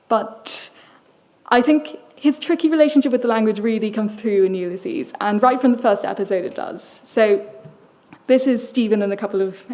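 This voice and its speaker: A woman's voice: mid-range voice, darkish tone. A young Irish woman novelist with an Irish accent giving a public literary lecture in a thoughtful, wry way. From Ireland. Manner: thoughtful, wry, asides and self-corrections.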